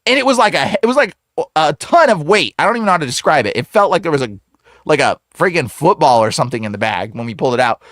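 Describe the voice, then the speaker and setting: A man who is a guest on the show, telling a story in a casual, slangy way full of "like" and "bro", animated and acting out the voices in it. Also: a little high, fast talker, no room sound, studio quality. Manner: slangy, fills speech with "like" and "bro". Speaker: exorcist guest.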